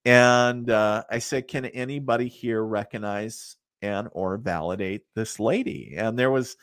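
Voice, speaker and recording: A man's voice: lowish voice, unhurried, a bit bright, dry recording, clean studio sound. A middle-aged man, a psychic medium, telling stories in a casual, rambling way, with many fillers and asides, laughing at his own tales. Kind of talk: casual storytelling in an interview.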